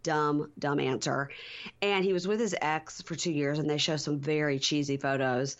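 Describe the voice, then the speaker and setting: A woman's voice: deep voice, steady tone, moderate pace. A woman in her forties co-hosting a podcast, casually retelling TV scenes and acting out the quotes. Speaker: podcast co-host. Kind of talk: casual TV recap chat. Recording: dull lo-fi audio.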